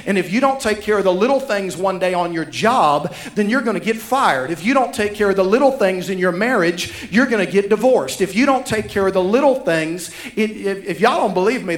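A man's voice: high-pitched, roomy sound. A man, preaching a sermon as pastor, emphatic and repeating key lines for effect. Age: 30s.

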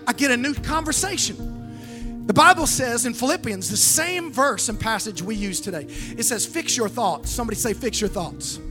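A woman pastor preaching a fervent sermon, calling on the crowd to answer back, with a sing-song, drawn-out phrasing. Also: high voice. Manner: emphatic preaching with call-and-response.

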